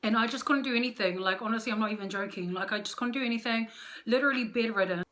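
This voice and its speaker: A woman's voice: fairly high pitch, fast, a bit bright. A young woman giving marriage advice to camera in casual chat, candid, playful and poking fun at herself. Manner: candid, playful and self-mocking. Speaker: vlogger.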